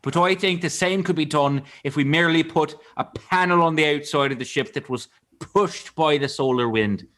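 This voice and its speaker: A starship captain rattles off threats and orders in a clipped, officious way, played by a man in an improv scene. His voice sits high, and he comes across as more awkward than fearsome. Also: normal speed, a bit bright, lightly acted. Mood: commanding. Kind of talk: improvised sci-fi comedy scene.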